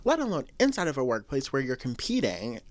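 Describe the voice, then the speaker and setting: A woman's voice: extremely low pitch, huge pitch swings, a little fast, no room sound. A woman hosting a podcast on her own, venting in a blunt, profane, emphatic way. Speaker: podcast host. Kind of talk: casual solo podcast venting.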